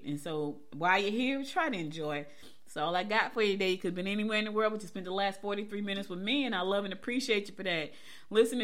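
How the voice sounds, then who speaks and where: A woman hosts a morning show in an easy, chatty way. She laughs along with her own stories and speaks straight to her listeners. Her voice sits at an ordinary middle pitch. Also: a bit bright. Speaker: podcast host. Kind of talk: casual morning show talk.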